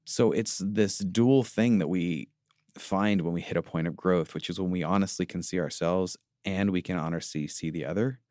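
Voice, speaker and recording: A man in his thirties co-hosting a podcast, talking earnestly and confessionally, often pausing to search for words. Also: deep voice, darkish tone, dry recording, studio quality. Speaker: podcast co-host. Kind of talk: reflective podcast conversation.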